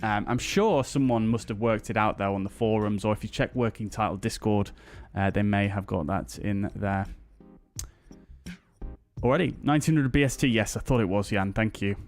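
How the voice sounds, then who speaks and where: A man's voice: lowish voice, normal speed, faint music behind. A British man streaming a flight simulator, chatting casually and greeting his viewers one by one with plenty of ums and uhs. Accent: British English. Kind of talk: casual live-stream chat.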